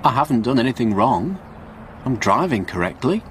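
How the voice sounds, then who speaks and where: A man's voice: medium pitch, sing-song, normal speed, slight background noise, natural voice. A man voicing Stewart, a stubborn, determined young man. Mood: plain.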